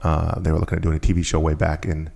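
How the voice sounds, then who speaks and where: A man's voice: extremely low pitch, monotone, fast talker, gravelly, dark tone. A man talking as a podcast guest, telling a story and acting out the people he quotes. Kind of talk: storytelling conversation.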